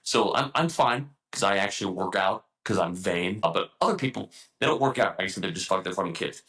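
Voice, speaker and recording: A young man in casual conversation, telling stories bluntly and peppering them with swearing. His voice sits low for a man. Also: lively intonation, brisk, fairly bright tone, rough recording. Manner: profane, blunt, storytelling. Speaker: guest, air force intelligence analyst. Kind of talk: casual chat.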